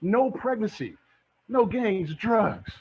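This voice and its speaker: A man's voice: sits high, animated, slow, darkish tone, slightly rough. A middle-aged man giving a fired-up motivational talk as a real estate mentor, preaching and repeating his phrases. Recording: dull lo-fi sound.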